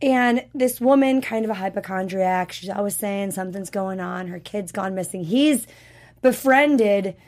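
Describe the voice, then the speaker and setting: A woman co-hosting a casual TV review chat, a little hoarse from being sick, who talks in a chatty, animated way and acts out the characters' lines. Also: medium pitch, normal speed. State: sick with a rough voice. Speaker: podcast co-host.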